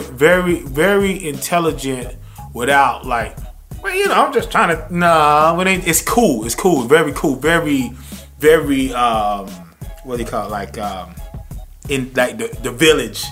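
A man hosting a podcast in casual chat, animated and slangy, laughing often and mimicking people. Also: mid-range voice, measured pace, soft background music. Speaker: podcast host.

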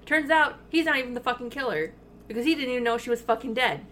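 Animated swearing woman podcaster. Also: a little high, fast, a little hiss or hum. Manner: animated, swears freely, many fillers. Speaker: podcast co-host. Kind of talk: casual chat.

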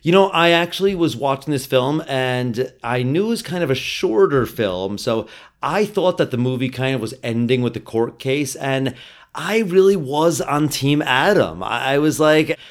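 Man, podcast co-host, casual chat, relaxed, plot recap. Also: mid-range voice, normal speed. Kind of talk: casual movie discussion.

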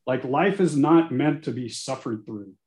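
A man in his forties with a medium pitch talks candidly and earnestly as a podcast guest, growing animated and occasionally cursing. His voice bounces around a roomy, echoey space. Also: measured pace. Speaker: guest, attorney. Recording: echoey room.

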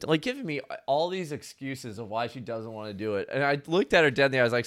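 A man's voice: medium pitch, quick pace, few pauses, a bit bright, dry recording. Rambling young-sounding man, dry mic. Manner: rambling, frequent "like", laughs often. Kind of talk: casual chat, storytelling.

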